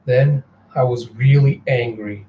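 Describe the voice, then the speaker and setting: A man's voice: mid-range voice, steady tone, unhurried, lo-fi sound, slight background noise, close to an everyday voice. A man voicing a tough, weary woman starship captain in a comic readthrough; she speaks dryly and laconically. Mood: laconic. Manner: dry, laconic.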